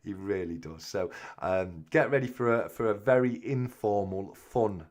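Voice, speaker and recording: A man's voice: fairly low pitch, unhurried, a little mellow. Chatty man hosting a live stream. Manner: chatty, reads viewer comments aloud and answers them. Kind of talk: casual live-stream chat.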